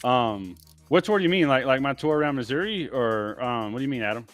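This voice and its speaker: A man's voice: medium pitch, animated, a little fast, soft background music. A man talking as a guest on a casual livestream, laid-back and rambling, filling his talk with "like" and "man.". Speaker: guest, window tinter.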